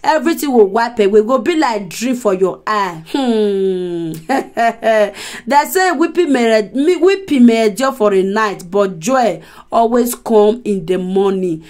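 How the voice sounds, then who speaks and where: A Nigerian woman telling gossip to her viewers in a lively, talkative way, laughing now and then. Her voice sits a little high. She sounds casual and direct, as if chatting with friends. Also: normal speed. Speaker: gossip commentator.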